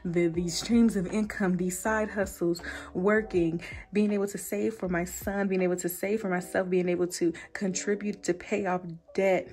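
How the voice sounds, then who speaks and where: A woman's voice: fairly low pitch, steady tone, normal speed, a little mellow. Overjoyed young woman, near tears. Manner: emotional, repeats herself, on the verge of tears. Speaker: budgeting vlogger. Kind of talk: casual chat to camera.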